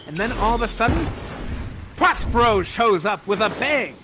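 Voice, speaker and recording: A man directs players through an improvised scene in a playful, theatrical manner. His voice is high and extremely animated, swooping up and down. Music plays in the background. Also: moderate pace. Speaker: drama game leader.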